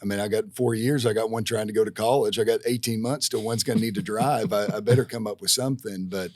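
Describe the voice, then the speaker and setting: A physical therapist from Tennessee, USA, talks casually as a podcast guest in the studio, his fairly low, steady, darkish voice moving fast with no echo. He rambles through folksy stories, restarting often and filling gaps with fillers.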